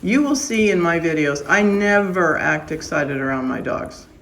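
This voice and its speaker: A woman's voice: fairly low pitch, animated, normal speed, a bit bright, rough recording. A woman dog breeder giving firm, plain-spoken advice to new puppy owners in a casual vlog.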